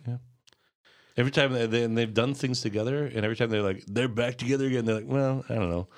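A man's voice: mid-range voice, fairly even intonation, fast talker. A man co-hosting a casual podcast chat, dry and laid-back. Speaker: podcast co-host.

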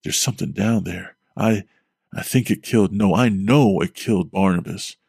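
A man's voice: low-pitched, normal speed, gravelly, darkish tone, breathy edge, no echo, clean studio sound, voice pushed down, full character voice. A man voicing a panicked grown man on a farm who stammers with fear and barks urgent orders. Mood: frightened.

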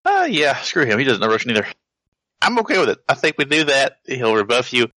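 Male player, mid pitch, bright tone, dry sound; loose, rambling planner. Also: very animated, brisk, no echo, rough recording. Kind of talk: tabletop role-play chat.

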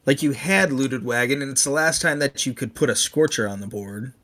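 Man, mid pitch, bright and edgy tone, loose rambling talk with lots of restarts; easygoing podcast chat. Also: brisk. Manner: rambling and animated, with repeated restarts. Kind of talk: casual chat.

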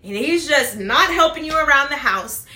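A woman with a high, bright voice talks straight to the camera, handing out practical advice to fellow moms. She keeps it chatty, tossing in "right?" and mimicking how people talk as she goes. The room around her carries a noticeable echo. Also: lively intonation, moderate pace. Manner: chatty, repeats "right?" and "blah, blah, blah"; acts out quoted voices. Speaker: mom advice vlogger.

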